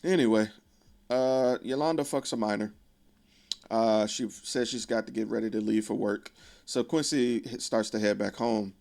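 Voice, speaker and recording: A man's voice: fairly low pitch, steady tone, normal speed, vocal fry, darkish tone. A man casually retelling a film plot in a profane, conversational way with wry asides. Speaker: video creator.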